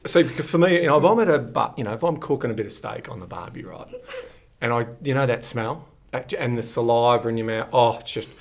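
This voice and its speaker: A man's voice: mid-range voice, fast, vocal fry. An Australian man co-hosting a finance podcast, joking and ribbing his partner in casual chat. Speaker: podcast co-host.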